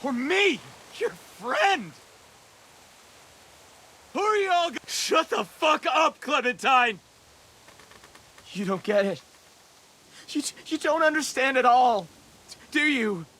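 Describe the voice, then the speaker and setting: A man voicing a desperate, volatile teenage boy in a video game, shouting and pleading. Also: very high-pitched, sing-song, takes it slowly, long pauses, exaggerated voice.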